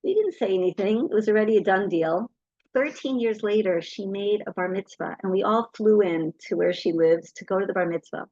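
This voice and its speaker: A middle-aged woman tells lively anecdotes to an audience, acting out the voices of the people in her stories. Her mid-range voice moves a little fast, and the recording is dry and lo-fi.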